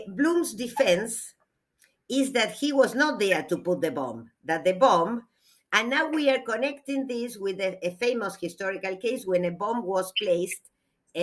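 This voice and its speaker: A woman, a literature teacher giving a classroom lecture, reading aloud slowly and explaining with hesitations. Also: mid-range voice, fairly bright tone.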